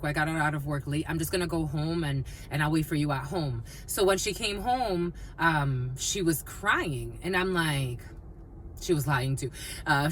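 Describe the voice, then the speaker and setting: A woman giving a casual collective tarot reading, mixing personal stories with blunt, animated talk and plenty of swearing. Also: low-pitched, a little hiss or hum. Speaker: tarot reader.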